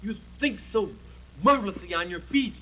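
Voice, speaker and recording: TV puppet comedy: self-important dragon candidate, rambling patter, lively high pitch. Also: male voice, normal speed, a little hiss or hum, poor audio. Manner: pompous, rambling salesman patter. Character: boastful good-natured male dragon, perennial candidate. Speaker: puppet character.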